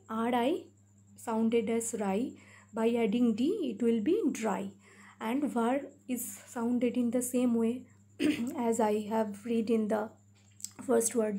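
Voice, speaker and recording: A woman's voice: fairly high pitch, warm tone. A woman teacher with a South Asian English accent, patiently spelling out words syllable by syllable in a phonics lesson. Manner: slow, patient syllable-by-syllable explaining.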